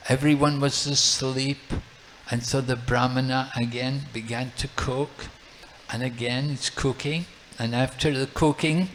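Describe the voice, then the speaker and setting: A man, a monk, narrating a devotional story in a sermon, unhurried and repetitive. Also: mid-range voice, a bit bright, a little hiss or hum, poor audio. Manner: unhurried, repeats phrases while narrating. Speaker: monk and lecturer.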